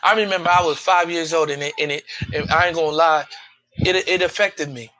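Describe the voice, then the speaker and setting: A man's voice: a little high, steady tone, brisk, pushed and bright. A man who is a father, co-hosting a podcast in casual group chat, talking emphatically and repeating words for stress. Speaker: podcast co-host.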